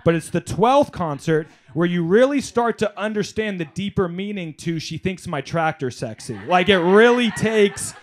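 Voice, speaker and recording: Comic on a club stage: a man with a somewhat high voice, animated, doing crowd work. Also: moderate pace, few pauses, slight background noise. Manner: animated storytelling, crowd work, shouted punchlines. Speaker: stand-up comedian. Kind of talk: stand-up comedy set. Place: comedy club stage, live audience.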